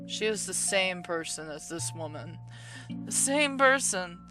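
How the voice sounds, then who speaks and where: A woman's voice: fairly low pitch, expressive, a little slow, over music. A woman playing a story game who reads its narration aloud and drops blunt, swearing, muttered asides. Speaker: game player. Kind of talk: casual gameplay commentary and reading narration.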